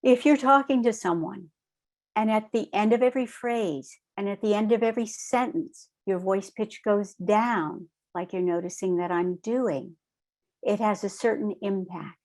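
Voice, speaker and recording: A middle-aged woman teaching a training session in a calm, measured way, often checking in with "right?". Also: mid-range voice. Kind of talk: recorded online training lecture.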